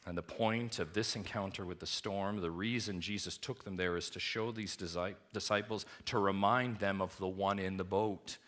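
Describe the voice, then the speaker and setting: A man preaching a sermon to his congregation, with booming high emphasis that drops to quiet, hushed lows. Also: steady tone, moderate pace, hardly any pauses. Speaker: pastor.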